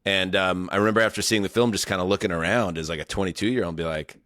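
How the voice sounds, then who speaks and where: Low-voiced wry podcast host, dry sound. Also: male voice, fairly even intonation, fast, a bit bright, no room sound. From New York area. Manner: wry, meandering, jokey. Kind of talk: casual podcast chat.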